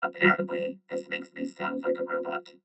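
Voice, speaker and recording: Gravelly robot voice filter. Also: female voice, rumbling low, huge pitch swings, moderate pace, pushed and bright, soft background music, pitched below the performer's own voice, heavily acted. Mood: playful. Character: deep droning robot voice. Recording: dull lo-fi mixer effect.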